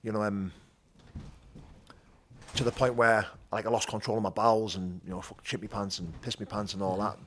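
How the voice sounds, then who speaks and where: A man with a Teesside accent telling his rough childhood story as an interview guest, blunt and animated, swearing freely. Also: on the low side, a little fast, long pauses, a little hiss or hum. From North East England. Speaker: guest, bare knuckle fighter. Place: gym.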